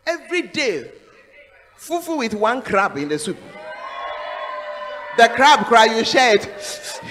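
Animated Ghanaian woman preaching. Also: sits high, big-room sound, low-quality recording. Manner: animated, calls out "Hey!", laughs while preaching. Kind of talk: sermon. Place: large church hall.

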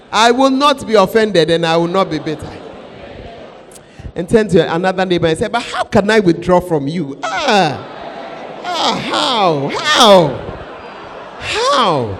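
A man preaching a sermon as pastor, pleading and urging the congregation to repeat phrases to their neighbors. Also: sits high. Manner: pleading, call-and-response with congregation. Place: church hall. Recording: echoey hall with mains hum.

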